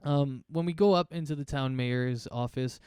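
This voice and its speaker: A man acting as game master, narrating a tabletop game in a relaxed, rambling way with many fillers. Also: medium pitch, normal speed, clean tone, dry recording, studio quality.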